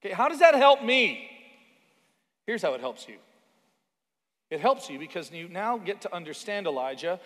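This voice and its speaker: A man's voice: sits high, big pitch swings, normal speed, long pauses, a bit bright. A man preaching a sermon as pastor, in a conversational way with asides and stories from his own life. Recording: long reverb of a large hall.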